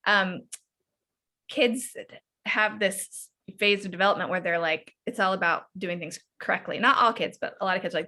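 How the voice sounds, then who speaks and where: A woman parenting coach leading an online workshop over a video call, animated and often acting out what parents and children say. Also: mid-range voice, normal speed. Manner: animated, frequently acts out parent and child lines.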